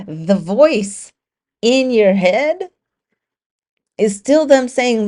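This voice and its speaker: A woman hosts her own podcast in a candid solo monologue, speaking in a raw, confessional way and swearing freely. Her voice sits high and a little mellow, with a sing-song lilt and an unhurried pace.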